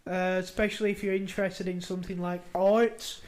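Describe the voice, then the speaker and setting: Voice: medium pitch, level tone, brisk, darkish tone. A podcast co-host in casual chat, mostly giving short agreeing replies.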